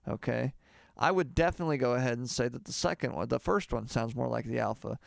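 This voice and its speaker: Rambling deadpan man, smooth voice. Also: medium pitch, dry recording, studio quality. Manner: rambling, halting, full of fillers. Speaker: comedy mock singing teacher. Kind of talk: deadpan mock lesson.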